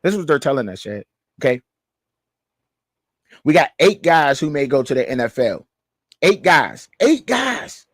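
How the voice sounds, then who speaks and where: A man co-hosting a sports show, talking in an animated, slangy way and repeating himself as he argues. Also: medium pitch, moderate pace, pauses often, no echo. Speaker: show co-host, fan. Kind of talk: heated sports banter.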